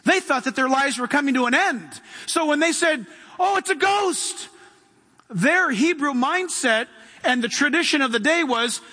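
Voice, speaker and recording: A man's voice: very high voice, lively intonation, normal speed, sharp tone. A man preaching an impassioned sermon in a church, reading scripture and asking the congregation questions. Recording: long hall reverb.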